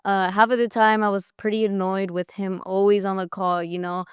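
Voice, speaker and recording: A young woman tells stories in a lively, chatty way, slipping into the voices of the people she quotes. Her voice is very clear and crisp, at an average pitch. The sound is dry and close-miked. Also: moderate pace, hardly any pauses, no room sound. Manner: chatty storyteller, acts out quotes, laughs often. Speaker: guest, daughter of the host. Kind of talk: casual family interview.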